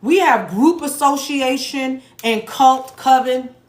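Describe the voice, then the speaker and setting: A woman's voice: sits high, takes it slowly. A woman giving a casual tarot reading to her viewers, blunt and profane, with joking asides. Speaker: tarot reader. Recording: echoey room with faint noise.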